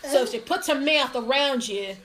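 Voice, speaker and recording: A woman's voice: high voice, normal speed, background noise, lightly acted. A woman voicing a cheery outback wrangler in a put-on Australian accent, telling tall tales with laughs. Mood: boastful.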